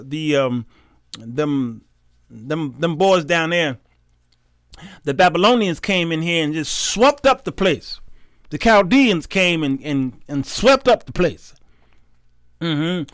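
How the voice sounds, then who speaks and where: High-voiced colloquial preaching man. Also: animated, slow, a bit bright, dry recording. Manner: emphatic, colloquial, repeats words. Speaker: talk show host teaching the Bible. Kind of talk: Bible teaching sermon.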